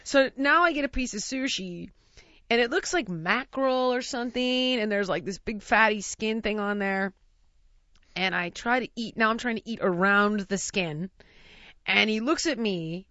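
Animated woman telling a story. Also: mid-range voice, moderate pace, no echo. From United States. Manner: animated, laughing storyteller who mimics voices. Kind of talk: casual anecdote. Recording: dry, slightly dull lo-fi recording.

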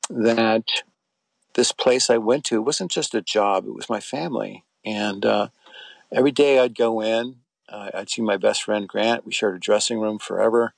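A middle-aged man with a gravelly, fairly low voice, recorded close and dry. He tells his story in a loose, meandering interview style, circling back and restarting his sentences as he goes. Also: dry recording. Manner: rambling, with frequent restarts and fillers. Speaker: interview guest. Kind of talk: conversational storytelling.

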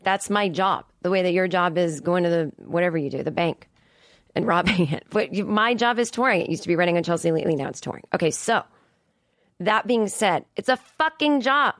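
A woman's voice: on the low side, brisk, no room sound, studio quality. Exasperated, profane woman in her forties. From Boston area. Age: 40s. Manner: profane, exasperated rant with frequent emphatic rises. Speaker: comedian podcast host. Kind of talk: casual monologue. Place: studio. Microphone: studio mic.

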